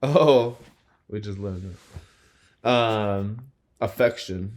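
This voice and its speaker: A man's voice: on the low side, drawn-out words. A young man co-hosting a casual podcast chat with his wife, telling stories with lots of laughter and quoted voices. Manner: animated storyteller, laughs often, quotes people with voices. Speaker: podcast co-host.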